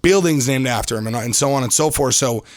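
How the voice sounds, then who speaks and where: Podcast guest, young man from Detroit, easygoing slangy storyteller, mid pitch, dry close mic. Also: quick pace, no room sound. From Detroit, Michigan. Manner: loose, slangy, restarts often. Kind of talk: casual storytelling interview.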